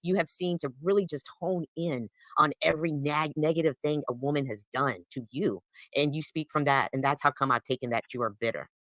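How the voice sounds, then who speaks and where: A woman's voice: deep voice, a little fast, fairly bright tone, no room sound, poor audio. A woman in a heated live-stream debate, insistent and questioning, pushing back when interrupted.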